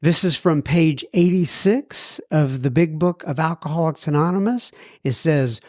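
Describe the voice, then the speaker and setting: A man's voice: on the high side, a little slow, few pauses, a little mellow, dry recording, studio quality. A man hosting a recovery podcast, reading listener mail in a folksy, self-deprecating way. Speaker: podcast host.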